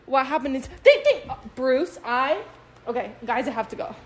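A teenage woman records a casual, confessional vlog on her phone at home. She rambles, restarts and jokes at her own expense, her voice sitting somewhat high for a woman. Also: very animated, normal speed, slightly rough. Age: late teens. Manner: rambling, chatty, self-deprecating, filler-heavy. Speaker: vlogger. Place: home with dogs.

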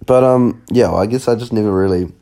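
A young New man co-hosts a podcast while sick, coughing with a sore throat. His voice is low and mellow, and he talks bluntly and casually, swearing as he goes. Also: quick pace. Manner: blunt, swearing, laid-back. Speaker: podcast co-host.

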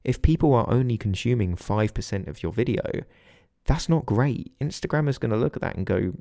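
A man hosting a solo podcast, speaking in an earnest, instructive way with a steady delivery. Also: medium pitch, a little fast, creaky, no room sound, studio quality. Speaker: podcast host.

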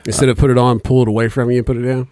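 A man's voice: medium pitch, rapid-fire, no room sound, clean studio sound. A man co-hosting a casual chat, teasing and swearing freely. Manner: teasing, swears freely, lively back-and-forth. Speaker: co-host.

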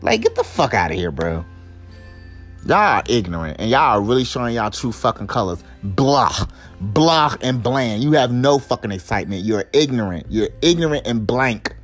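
A man's voice: mid-range voice, big pitch swings, normal speed, faint music behind. A young man hosting a podcast, ranting in an angry, exasperated and profane way. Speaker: podcast host. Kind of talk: angry commentary rant.

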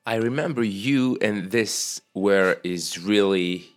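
Low-voiced man, halting host. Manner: halting, hesitant phrasing, lots of fillers. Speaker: podcast host. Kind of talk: casual interview chat.

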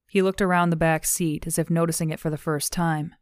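A woman narrating an audiobook in measured, even storytelling, recorded on a close studio mic. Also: sits low, dry recording.

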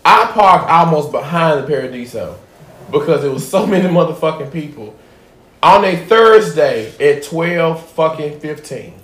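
Guy telling a cussing story on a podcast, loud then hushed, roomy echo. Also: a little high, normal speed. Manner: profane, animated storyteller, drops to a hush for asides. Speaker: podcast host. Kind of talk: casual storytelling chat. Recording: echoey room.

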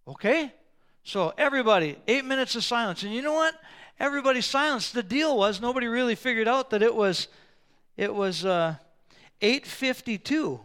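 A man preaching a sermon, telling a story with animated delivery and sometimes raising his voice to a roar for emphasis. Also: sits high, clean tone. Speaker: pastor.

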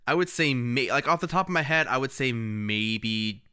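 A man co-hosts a casual music podcast with a bright, forceful tone and a smooth, resonant voice. He rambles and restarts his sentences often, laughing easily as he talks. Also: medium pitch, expressive, normal speed. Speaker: podcast co-host. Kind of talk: casual chat.

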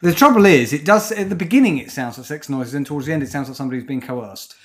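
Lively-voiced podcast co-host. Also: male voice, on the high side, quick pace, heavy background noise. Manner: sweary, teasing, theatrical sign-offs. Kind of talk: casual comedy chat.

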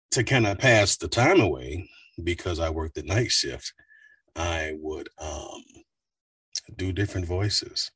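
A man's voice: low voice, breathy edge, dry recording, distant mic. A man, a voice actor, chatting casually in an interview, telling stories with plenty of fillers. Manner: relaxed, rambling storyteller with fillers. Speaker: voice actor guest.

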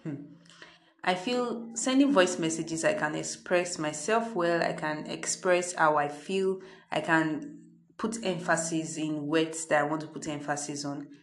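Talking from her parents' home, a Nigerian woman hosts her own podcast in a low voice at a slightly slow pace, delivering a chatty, freewheeling monologue that's left unedited.

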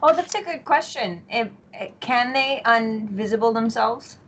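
A woman in a tabletop game who speaks quickly, directly and skeptically. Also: on the high side, expressive, slight background noise. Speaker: player. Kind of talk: casual game chat.

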